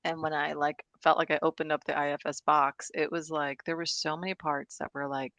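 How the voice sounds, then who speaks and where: A woman's voice: sits low, flat delivery, fairly quick, a bit bright, no room sound. A woman presenting and discussing on a video call, chatty and enthusiastic, laughing often. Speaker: guest presenter.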